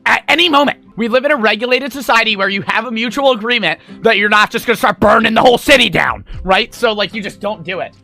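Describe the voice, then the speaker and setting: A man's voice: high-pitched, quick pace, gravelly, hardly any pauses, sharp tone, soft background music. A young man streaming, telling a rambling, profane story to his chat. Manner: rambling, profane, full of fillers.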